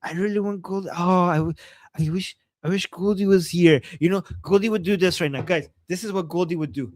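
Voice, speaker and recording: A man from Iran co-hosting a live reaction stream, excitable and laughing often, with bursts of exclamations. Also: high-pitched, fairly quick, no echo. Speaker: livestream co-host.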